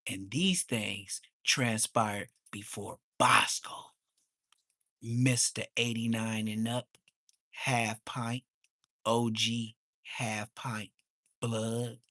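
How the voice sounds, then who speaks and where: A man, ranting on a livestream. He is heated and mocking, and his voice suddenly jumps high. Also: flat delivery, drawn-out words, pushed and bright, dry recording, studio quality. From Inglewood, Los Angeles. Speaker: livestream host. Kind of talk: profane livestream rant.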